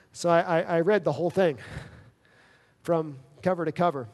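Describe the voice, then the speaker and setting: A pastor preaching a sermon tells a personal story conversationally, quoting dialogue along the way. His voice is fairly high, a little mellow, at normal speed, ringing with the long reverb of a large hall.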